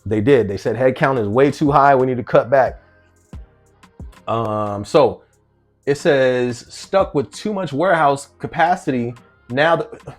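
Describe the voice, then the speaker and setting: A man's voice: mid-range voice, measured pace, soft background music. A man from New Jersey talking casually to camera, reading out a news article and reacting to it with rhetorical questions and frequent laughs. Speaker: vlogger.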